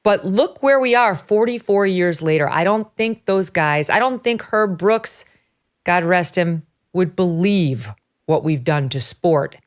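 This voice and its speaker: A middle-aged woman from upstate New York hosting a talk show, animated and emphatic, laughing as she talks. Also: fairly low pitch, measured pace. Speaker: host. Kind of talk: casual conversational commentary.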